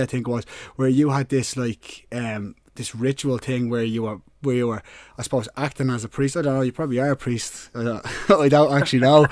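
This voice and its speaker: A man's voice: medium pitch, darkish tone, no room sound, studio quality. A man hosting a podcast in a loose, slangy way, swearing and laughing as he sets up questions. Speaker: podcast host. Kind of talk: casual interview.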